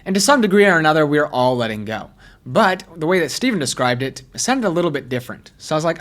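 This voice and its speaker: A man's voice: a little high, very animated, quick pace, fairly bright tone. A male host giving casual video commentary, chatty and self-deprecating as he thinks aloud. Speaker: personality-typing commentary host.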